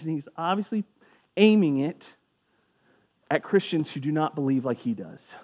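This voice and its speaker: A man's voice: on the high side, expressive, moderate pace, a little mellow, dull audio. A man giving a casual sermon as a pastor, conversational and jokey, briefly acting out voices of people in the story.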